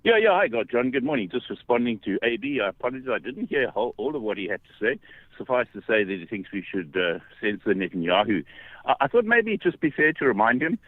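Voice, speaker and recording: A man's voice: medium pitch, sing-song, fast, no room sound. A man calling in to a radio show. He is out of breath from walking uphill and argues in an impassioned, rambling way. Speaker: caller. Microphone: phone. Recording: tinny phone line.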